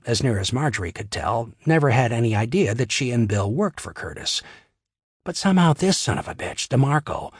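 A man narrating a crime novel in a steady, wry storytelling manner on a close studio mic. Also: medium pitch, husky, no echo. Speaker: audiobook narrator. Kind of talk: scripted narration.

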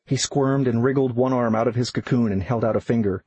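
A man narrating an audiobook in an even, unhurried storytelling manner. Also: medium pitch, breathy edge, rough recording.

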